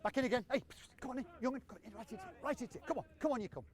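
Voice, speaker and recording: High-voiced man coaching a football drill. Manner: brisk, encouraging, calling out commands to players. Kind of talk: on-pitch coaching session. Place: outdoor football training pitch.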